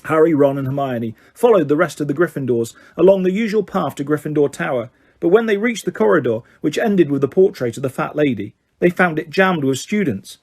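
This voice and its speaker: A man narrating a fantasy audiobook in a steady reading voice, with occasional slips and restarts. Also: a little high, a little fast, hardly any pauses, slightly rough.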